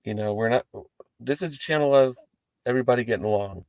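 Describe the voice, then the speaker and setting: A man's voice: mid-range voice, quick pace, no room sound. A man hosting a wrestling post-show, talking casually and profanely to the camera from inside his parked car. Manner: rambling, profane, animated asides.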